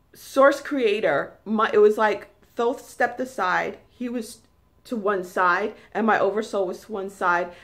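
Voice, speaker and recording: A woman with a New York accent giving an emphatic spiritual talk, repeating herself and rising into high, forceful tones. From New York City. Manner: emphatic, repetitive, high-pitched bursts. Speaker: spiritual channel host.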